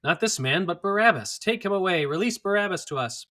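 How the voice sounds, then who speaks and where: A man voicing an angry crowd that shouts its demands. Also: high-pitched, lively intonation, a little fast, voice pushed up. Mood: shouting.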